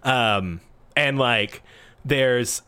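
A man's voice: medium pitch, drawn-out words, bright, forceful tone, clean tone. A man running a tabletop role-playing game as game master, rambling through descriptions with lots of fillers and restarts and frequent laughter.

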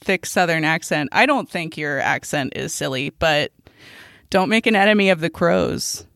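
A woman's voice: sits low, expressive, normal speed, vocal fry, fairly bright tone, dry recording. Giggly chatty woman on a dry close mic. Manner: laughs often, playful and chatty. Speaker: podcast co-host. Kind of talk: casual chat.

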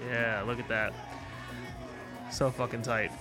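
A man's voice: medium pitch, level tone, slow pace, over music, crowd noise. Rambling, laid-back young man. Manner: loose, rambling, swearing, laughing often. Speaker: podcast co-host. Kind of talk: casual podcast chat.

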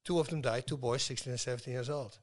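A man's voice: medium pitch, fast, crowd noise. A middle-aged man speaking as a guest in a casual conversation, telling stories with emphasis. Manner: emphatic, storytelling.

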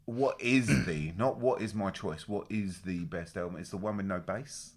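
A man co-hosting a casual podcast chat, sweary, teasing and animated. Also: deep voice, normal speed. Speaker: podcast co-host.

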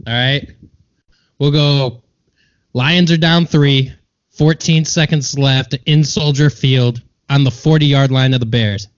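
A man's voice: medium pitch, steady tone, takes it slowly, no room sound. A man co-hosting an interview, casually setting up scenarios for the guest. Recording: dry, dull lo-fi sound.

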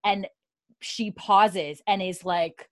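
Here a woman speaks slowly and steadily in a mid-range voice, recorded with no echo. She's recapping a TV episode scene by scene on a casual podcast, telling it animatedly, quoting characters' dialogue and laughing a lot.

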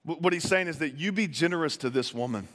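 A man's voice: a little high, quick pace, fairly bright tone. A man preaching a conversational sermon, telling the story playfully with modern asides and stammered restarts. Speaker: pastor. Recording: echoey hall with long reverb.

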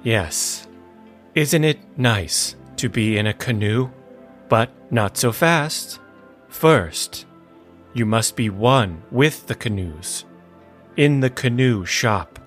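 A serene male meditation guide, as a man puts him on, drawing out every phrase at a crawl with soft music beneath. He sounds unhurried and hushed throughout. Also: medium pitch, animated. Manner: slow, hushed, drawn out.

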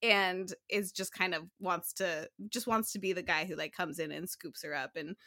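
Bright chatty laughing woman. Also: lowish voice, fairly even intonation, normal speed. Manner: chatty, many fillers, laughs often. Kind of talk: casual chat about an anime.

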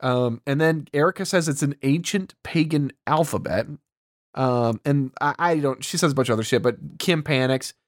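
A man's voice: mid-range voice, moderate pace, dry recording, clean studio sound. A man casually retelling a movie's plot, rambling with lots of ums and acting out the characters' lines. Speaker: podcast co-host. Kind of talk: casual movie recap chat.

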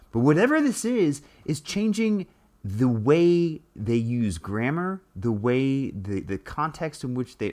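A man talking casually through an explainer monologue, with frequent restarts and fillers. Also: medium pitch.

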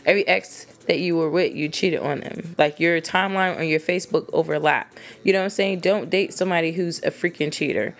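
A woman giving blunt dating advice straight to women listeners in a casual, animated rant, swearing freely. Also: sits low, a little fast.

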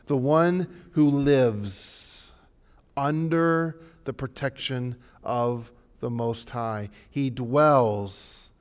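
A male pastor preaching a sermon, swinging from hushed, low passages to loud, rising exhortations.

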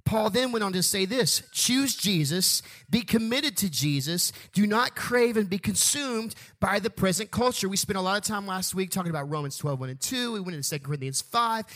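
A man with a rather high voice preaching a sermon in a church. He talks emphatically, slows right down on key phrases and leads the congregation in call-and-response. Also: fairly bright tone. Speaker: pastor. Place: church sanctuary.

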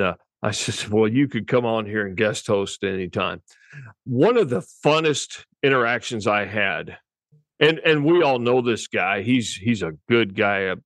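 A man sits at a podcast mic, talking about his cattle business in easy, meandering chat. His voice sits low and the recording is dry and close, with no room sound. He chuckles as he goes. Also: fairly bright tone, dry recording. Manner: rambling storyteller, chuckles often. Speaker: podcast co-host and cattle breeder. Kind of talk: casual chat.

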